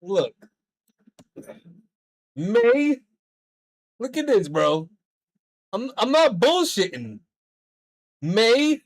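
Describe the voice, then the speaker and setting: A man with a notably high voice chats with viewers while he plays a game. His talk is rambling and loose, heavy with swearing as he vents. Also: very slow, pauses often. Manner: profane, rambling, animated venting. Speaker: streamer. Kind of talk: casual livestream chat while gaming.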